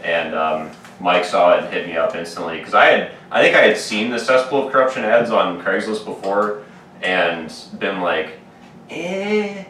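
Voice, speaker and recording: A man's voice: deep voice, lively intonation, moderate pace, a bit bright. A man in his twenties, a band's drummer, telling stories in a rambling, laid-back way with many fillers in a casual podcast chat. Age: 20s. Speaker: band drummer, guest. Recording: roomy, distant mic with faint noise.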